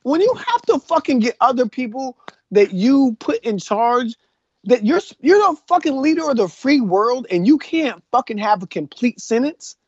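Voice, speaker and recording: High, animated man ranting profanely. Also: moderate pace, husky, no echo. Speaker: podcast co-host. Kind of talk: casual chat. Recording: dull, lo-fi dry recording.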